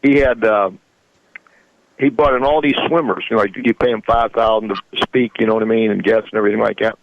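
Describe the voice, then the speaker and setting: A man's voice: on the low side, steady tone, quick pace, creaky, no echo, dull audio. A man in his sixties, a radio show guest, telling rambling stories in folksy grammar and chuckling often. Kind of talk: casual storytelling.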